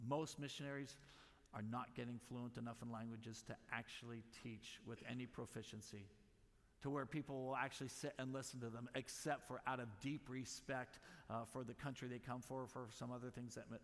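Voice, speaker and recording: A middle-aged missionary with a medium-pitched, slightly bright voice gives an emphatic teaching talk at a conference. He stacks lists of repeated words and apologizes for hurrying, and the long reverb of a large hall surrounds him.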